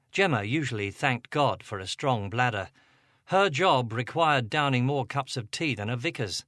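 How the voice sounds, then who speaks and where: A man narrating an audiobook, expressive and giving each character a voice. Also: medium pitch, normal speed, no room sound, clean studio sound.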